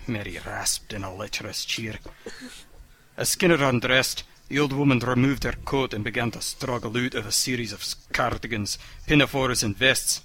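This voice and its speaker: A man doing a deadpan comic reading aloud of a passage of fiction. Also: mid-range voice, normal speed. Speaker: reader.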